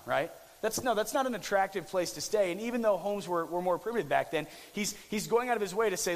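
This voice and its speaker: Young male pastor with a high-ish voice, hall reverb. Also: expressive, quick pace, hardly any pauses. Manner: conversational, frequent restarts, jokey asides. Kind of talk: casual sermon.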